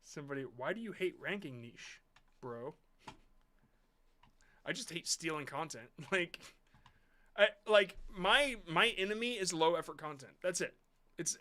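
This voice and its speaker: Brief: male streamer, slightly high and bright tone, blunt and rambling, casual commentary. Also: a little slow. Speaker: host reviewing viewer shorts.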